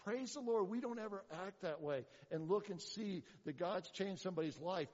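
A man preaches a sermon, swinging between loud, bright bursts and quiet, low asides, full of rhetorical questions and dry sarcasm. His voice sits fairly high for a man. The sound is dull and muffled, with a long reverb from a big hall. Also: animated, normal speed. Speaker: pastor.

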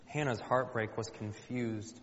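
A male pastor preaches in an easy, conversational manner and keeps turning to the congregation with questions. His voice sits at an ordinary middle pitch. The sound is dull and slightly muffled, with a long reverb hanging in a large church hall. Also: steady tone, measured pace, a little hiss or hum. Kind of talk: sermon.

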